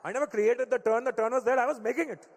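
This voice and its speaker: A man's voice: high-pitched, animated, moderate pace. A man putting on a huffy older dad with an Indian accent. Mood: indignant. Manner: stubborn, huffy, pedantic insistence. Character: indignant older immigrant dad with thick accent. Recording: live stage in reverberant hall.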